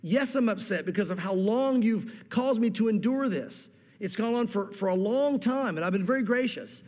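Fervent high-voiced pastor preaching. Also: male voice, animated, normal speed, darkish tone. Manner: fervent preacher, repeats words and quotes scripture with emphasis. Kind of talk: sermon. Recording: echoey hall reverb.

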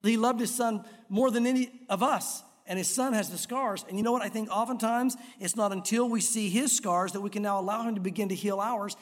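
A man's voice: high voice, brisk, few pauses. A man preaching a sermon as a pastor, telling stories and acting out voices. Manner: animated storytelling, acts out voices. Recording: long reverb of a large hall.

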